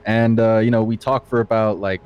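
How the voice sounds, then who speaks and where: A man's voice: fairly low pitch, flat delivery, a little fast, clean tone, muffled recording. A man in a roleplay who tells his side of events in a rambling, casual way and swears a lot. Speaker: accused client in roleplay. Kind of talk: in-character roleplay storytelling.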